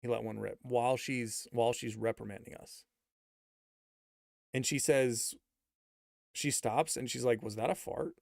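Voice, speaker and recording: Man, casual storytelling, slangy, animated, mid pitch, dry close sound. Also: unhurried, vocal fry, long pauses, dry recording. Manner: animated, rising to high-pitched disbelief, laughs while telling; slangy, many fillers and repeats. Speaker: streamer telling a story.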